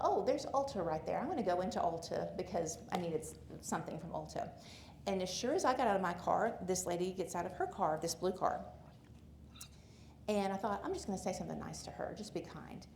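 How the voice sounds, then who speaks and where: A woman from Alabama with a Southern accent, speaking at a church gathering and telling a personal story in a chatty, animated way while asking the audience questions. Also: mid-range voice, gravelly, a little hiss or hum. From Alabama, USA. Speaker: conference speaker. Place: church hall with a live audience.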